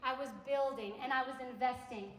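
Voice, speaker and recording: High-voiced woman preaching in an echoey hall. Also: moderate pace, faint music behind. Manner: animated, conversational preaching with acted-out quotes. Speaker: campus ministry speaker. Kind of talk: sermon. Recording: echoey hall with long reverb.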